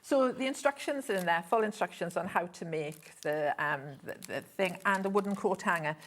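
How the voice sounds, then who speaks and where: A woman's voice: on the low side, normal speed, a bit bright. A woman guest on a live shopping show, chatting at length about her sewing patterns and how to use them. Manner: chatty, explaining, rambling. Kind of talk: live TV selling chat.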